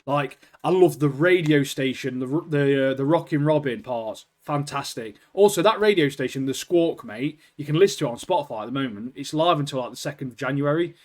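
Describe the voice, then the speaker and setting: A young British man co-hosting a podcast, chatting casually and excitedly, swearing and calling his friend "mate" constantly. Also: on the high side, brisk, few pauses. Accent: British English. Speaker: podcast co-host. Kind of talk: casual chat.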